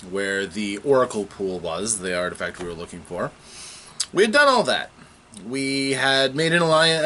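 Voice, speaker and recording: A man casually recapping a tabletop game session, telling it with animated, halting restarts. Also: mid-range voice, slight background noise.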